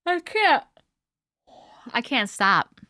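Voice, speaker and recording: A woman's voice: high voice, big pitch swings, extremely slow, pushed and bright, no room sound, studio quality. A woman in her early thirties, from Colorado, hosting a casual livestream and chatting with viewers while sounding tired and sleepy. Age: 30s. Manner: chatty, giggly, reads viewer comments aloud. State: sleepy, yawning. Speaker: live-stream host.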